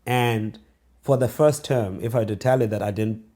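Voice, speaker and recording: A South African author in his forties, speaking in a mid-range voice, recalls his childhood during a conversational interview. He is reflective, with halting restarts and pauses, and slows into hushed storytelling.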